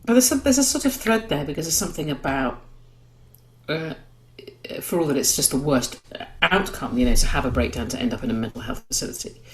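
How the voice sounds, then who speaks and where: Deep-voiced woman, middle-aged, hosting a chat, thoughtful and personal. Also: expressive, a little fast, slight background noise, rough recording. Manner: thoughtful, relating her own experience, with light laughs. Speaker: podcast host. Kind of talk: reflective conversational interview.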